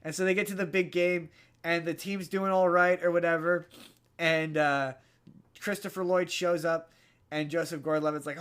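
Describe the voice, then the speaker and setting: A man on a podcast rambles through a movie recap in casual chat, stumbling over restarts and repeated words. His voice sits a little high for a man. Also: steady tone, moderate pace, a bit bright, clean tone. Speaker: podcast host.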